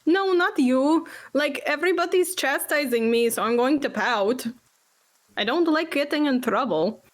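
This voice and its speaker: A high-voiced woman playing a tabletop game, chatty and bubbly, often breaking into giggles. She talks casually with her group. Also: expressive, measured pace. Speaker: player.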